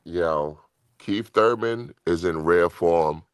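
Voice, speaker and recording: A man hosting a boxing podcast in casual chat, blunt and profane, talking in quick bursts. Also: deep voice, clear, resonant tone, dry recording.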